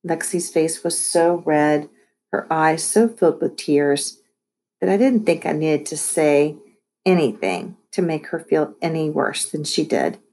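A woman reading a children's chapter book aloud, lively storytelling with voiced asides. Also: low-pitched, unhurried. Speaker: audiobook reader.

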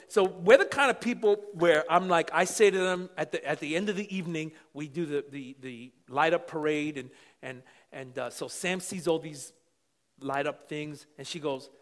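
A middle-aged man preaching a sermon with passion, dropping to quiet asides and then rising to shouts. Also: fairly high pitch, moderate pace. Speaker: pastor.

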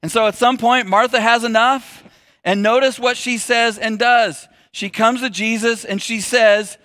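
A man's voice: very high voice, fairly even intonation, a little slow, bright, forceful tone, dry recording, studio quality. A middle-aged man giving a sermon in a conversational, joking way and putting questions to the audience. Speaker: pastor.

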